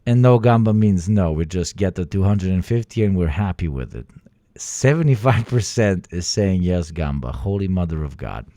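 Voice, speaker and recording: Excitable, foul-mouthed male streamer. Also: deep voice, moderate pace, no echo. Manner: excitable, swears a lot, pleads loudly with chat. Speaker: livestream host. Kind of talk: casual livestream chat.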